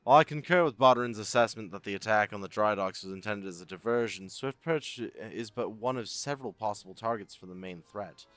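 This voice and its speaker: A man's voice: fairly low pitch, fairly quick, few pauses, a bit bright, dry recording, close to an everyday voice. A man voicing a stern, formal male naval commodore in a fantasy game, reading dialogue aloud.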